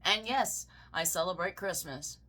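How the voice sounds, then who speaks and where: Southern lady cussing thru a political rant, bright voice, slow and drawn out. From American South. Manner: heated, swearing, swings into high mocking shrieks. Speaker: political commentator. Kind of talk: profane ranting commentary.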